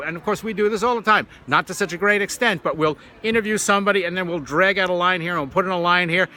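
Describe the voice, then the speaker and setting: A man's voice: high voice, pushed and bright, slight background noise. A middle-aged man telling a candid, confessional story straight to camera, like a teacher of video journalism.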